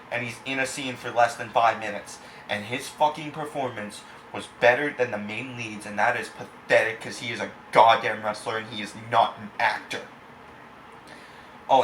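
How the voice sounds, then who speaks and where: A man's voice: mid-range voice, fairly bright tone. A man ranting angrily in a film review, swearing constantly and insulting the filmmakers. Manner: angry, profane, insulting. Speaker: movie reviewer. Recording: echoey room, faint background hiss.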